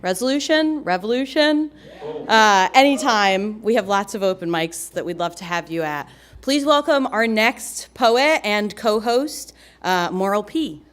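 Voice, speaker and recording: Woman host, open mic, playful and casual, mid pitch. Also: animated, measured pace, fairly bright tone. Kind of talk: introducing performers.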